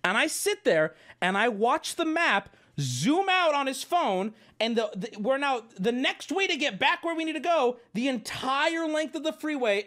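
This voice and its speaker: A man's voice: very high-pitched, fairly bright tone. A man livestreaming, telling a story to his chat in an exaggerated way, swearing and laughing as he goes. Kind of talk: animated storytelling to a live chat.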